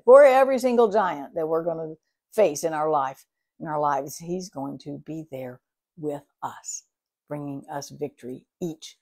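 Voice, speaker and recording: A middle-aged woman gives a morning devotional in a slightly low, husky voice. She speaks earnestly and expressively, and now and then her voice falls to a soft whisper. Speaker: devotional host.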